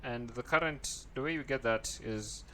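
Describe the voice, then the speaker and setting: A man's voice: mid-range voice, moderate pace, pushed and bright, slight background noise. A man teaching a coding tutorial, thinking aloud as he types and often checking in with "right?". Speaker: programming tutor. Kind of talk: screen-recorded coding tutorial.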